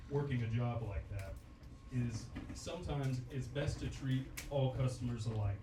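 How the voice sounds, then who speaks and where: A man doing a deadpan stand-up set, with dry, formal setups that turn crude. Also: mid-range voice, moderate pace. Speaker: stand-up comedian. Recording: echoey club room, distant mic, background noise.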